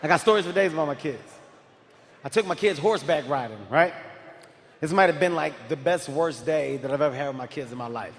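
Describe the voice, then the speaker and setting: A man doing stand-up comedy, telling stories in a loud, animated way and often shouting. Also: a little high. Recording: live hall reverb, faint crowd ambience.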